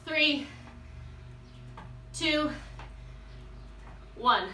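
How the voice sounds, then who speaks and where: A woman's voice: high-pitched, unhurried, pauses often, sharp tone, slight background noise. A woman leading a follow-along workout, out of breath, counting reps aloud and cheering the class on. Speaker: fitness instructor. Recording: roomy sound from a distance.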